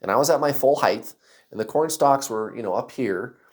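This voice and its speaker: A man casually telling a personal story to camera, acting out other people's voices and shouts. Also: mid-range voice, normal speed. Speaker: vlogger.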